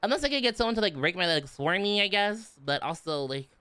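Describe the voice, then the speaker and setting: A man's voice: high-pitched, animated, fast, pushed and bright, smooth, no room sound. A man chatting casually on a stream, bubbly and playful, rambling and giggling as he talks from his room at home. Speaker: VTuber streamer.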